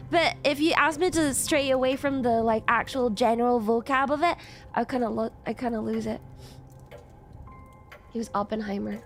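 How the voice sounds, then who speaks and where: A woman's voice: on the high side, moderate pace, faint music behind. A young woman streamer chatting casually as she plays a game, rambling and answering chat with laughs. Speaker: VTuber streamer.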